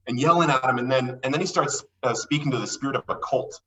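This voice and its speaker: Excitable man telling his story, bright voice. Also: medium pitch, fast talker, far from the mic, rough recording. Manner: excitable, acts out quoted voices. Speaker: podcast guest. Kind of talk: animated storytelling.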